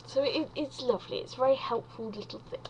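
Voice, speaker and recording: A woman's voice: sits high, fast talker, darkish tone, a little hiss or hum, poor audio. A woman from England doing a rambling, self-deprecating stand-up monologue full of wandering asides.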